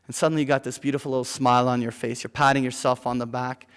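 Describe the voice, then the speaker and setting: Man teaching an animated trading seminar. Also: mid-range voice, quick pace, smooth. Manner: animated storytelling, many fillers and tag questions. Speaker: seminar instructor. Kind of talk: live investing seminar talk. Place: lecture room with an audience. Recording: reverberant lecture hall.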